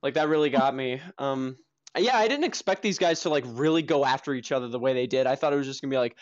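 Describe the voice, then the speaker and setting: A young man co-hosts a film podcast, rambling enthusiastically through his review with plenty of fillers and casual swearing. His voice is on the high side and fast, and the audio sounds dull.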